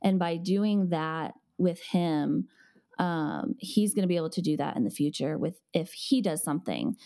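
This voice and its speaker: A woman's voice: fairly low pitch, expressive, normal speed, creaky, dark tone. A woman co-hosting a podcast, giving earnest, reassuring parenting advice in casual conversation.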